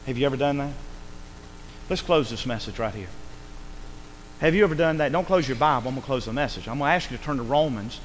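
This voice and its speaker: A man preaching a sermon in an emphatic way, swinging between loud calls and quiet lines and asking for amens. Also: mid-range voice, fast, long pauses, slight background noise, low-quality recording.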